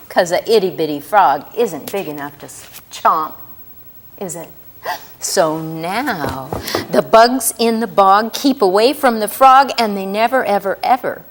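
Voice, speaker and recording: Woman reading a rhyming storybook to little kids, bouncy up and down voice, keeps asking them questions. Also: mid-range voice. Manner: animated, asks children questions often; drawn-out sing-song rhyming delivery. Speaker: children's storyteller. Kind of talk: reading a picture book aloud to children.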